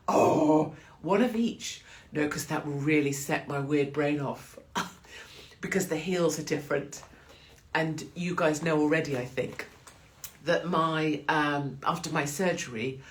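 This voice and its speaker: An English woman hosting a casual live stream for her viewers, chatty and quick to swear and laugh, talking to the camera at home. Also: sits low. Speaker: livestream host.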